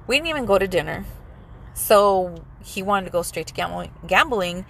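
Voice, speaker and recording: A woman's voice: medium pitch, moderate pace, vocal fry, slight background noise. A young woman in a casual chat, telling a story bluntly, swearing freely and saying "like" a lot. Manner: animated, blunt, swears freely, says "like" often.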